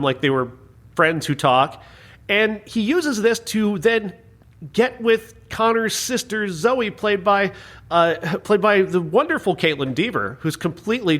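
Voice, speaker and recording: A man with a high, very lively voice hosts a casual movie review chat. He recaps plots with sarcastic asides and keeps breaking into laughter. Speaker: podcast host.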